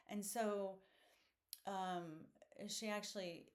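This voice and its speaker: A woman's voice: fairly low pitch, darkish tone. A woman hosting a podcast, talking through a reflective solo monologue in an earnest, candid way with plenty of fillers. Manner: unhurried, thoughtful, many fillers. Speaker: podcast host.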